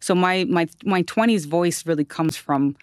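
A musician guest from North Carolina speaks casually and thoughtfully. The talk is halting, with frequent restarts and fillers. The recording is dry and close. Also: medium pitch, no echo. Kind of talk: casual reflective interview talk.

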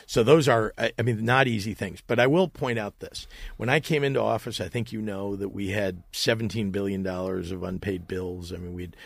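Gravelly middle-aged guy answering interview questions, stumbles and repeats himself, kinda low voice. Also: a little fast, no room sound. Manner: emphatic, repeats words when restarting. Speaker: state governor being interviewed.

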